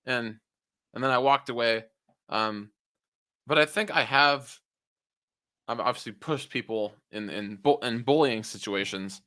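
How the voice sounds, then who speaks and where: A man's voice: mid-range voice, measured pace, pushed and bright, dry recording, studio quality. A young man co-hosting a podcast in casual chat, rambling and cutting himself off, swearing often. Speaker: podcast co-host.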